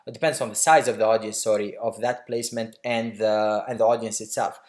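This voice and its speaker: In a relaxed screen-share lesson on online marketing, this man speaks in a lowish, darkish voice with fairly even intonation. His explanations are fast and loose, full of fillers and false starts.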